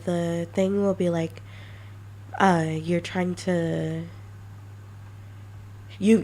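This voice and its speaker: A woman streamer chatting casually and brainstorming ideas, halting with many restarts. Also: on the low side, gravelly, a little mellow. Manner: halting, many restarts, self-mocking laughs.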